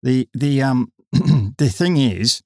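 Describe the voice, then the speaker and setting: A man's voice: mid-range voice, animated, slow, dry recording, clean studio sound. A man voicing a nervous young male soldier, a maths nerd, speaking hesitantly and politely with stammers in a comic audiobook.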